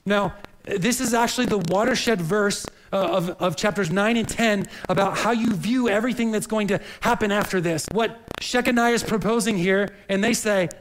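A man's voice: high-pitched, normal speed, slight background noise, rough recording. A man preaching a sermon in an earnest, searching way, often repeating words as he reaches for the next phrase. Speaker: pastor.

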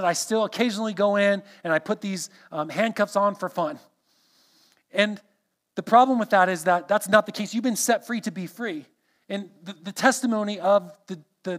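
A man preaching an earnest expository sermon, walking his listeners through a scripture passage verse by verse. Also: high voice.

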